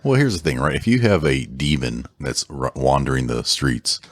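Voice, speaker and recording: Deep-voiced, joking man podcast host. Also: sing-song, normal speed, dry recording. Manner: playful, jokey banter. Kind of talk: casual chat.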